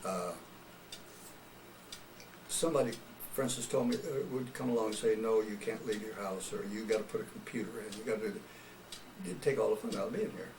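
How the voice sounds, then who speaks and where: A man's voice: fairly low pitch, a little fast, pauses often. Folksy older man telling stories. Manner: folksy storyteller, chuckles often. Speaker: retired radio personality. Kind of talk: oral history interview. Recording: roomy, distant mic with background noise.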